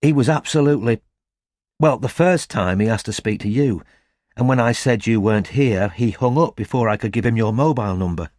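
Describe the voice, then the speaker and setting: A man's voice: medium pitch, brisk, darkish tone, dry recording, clean studio sound, lightly acted. A man voicing an eager young female office secretary who asks anxious, breathless questions. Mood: flustered.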